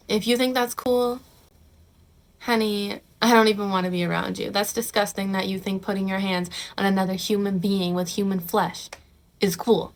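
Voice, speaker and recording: A woman's voice: mid-range voice, fairly quick. A young woman talks straight to camera in a casual advice vlog. She is blunt and sassy, tossing in "honey" and "bro" and swearing without a second thought. Now and then she drops into a mocking voice to imitate the people she is making fun of. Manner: mocks others in quoted put-on voices. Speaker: vlogger giving advice.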